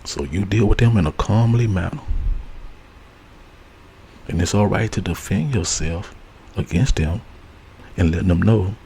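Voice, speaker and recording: Mellow low-voiced man giving earnest advice. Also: a little slow, pauses often, slight background noise, poor audio. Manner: earnest, repetitive, preacher-like phrasing. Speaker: host. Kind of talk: ASMR spiritual advice talk.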